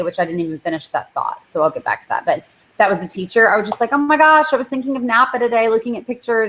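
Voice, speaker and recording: On a live online call, a woman with a medium-pitched voice gives her team a casual motivational talk. The recording is rough, and she chats freely, full of likes and ums.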